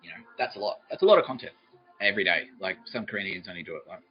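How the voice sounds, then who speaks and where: A man's voice: sits low, lively intonation, racing. A man hosting a podcast, rambling through a profane comedic monologue and laughing mid-sentence, in a slightly muffled recording. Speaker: podcast host.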